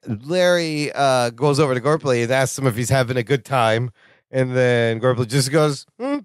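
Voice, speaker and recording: A man's voice: mid-range voice, normal speed, clear, resonant tone, no room sound, clean studio sound. A man co-hosting a podcast, eagerly retelling a sitcom episode with frequent laughter. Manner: enthusiastic, laughs often, acts out quotes. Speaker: podcast co-host. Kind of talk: casual recap chat.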